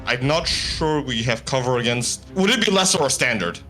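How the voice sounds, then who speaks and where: A man's voice: medium pitch, lively intonation, moderate pace, bright, forceful tone, soft background music. A man as a player in a tabletop game, talking casually and playfully.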